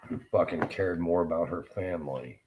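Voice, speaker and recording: A man with an extremely low, deep voice delivers a rambling, profane and agitated rant. He is middle-aged and in pain, and his talk swings between bitter muttering and shouted curses. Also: moderate pace, background noise. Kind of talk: angry ranting monologue.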